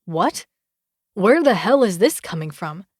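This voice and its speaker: A woman's voice: medium pitch, big pitch swings, measured pace, husky, no room sound, clean studio sound. A woman narrator voicing a defensive, hot-tempered young man who answers with sarcasm in an audiobook.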